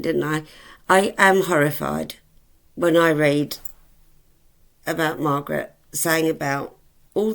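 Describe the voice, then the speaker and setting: A woman's voice: deep voice, creaky. A woman in her forties chatting to camera, rambling and hesitant, with many ums and fond asides to her viewers. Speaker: vlogger. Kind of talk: casual chat to camera.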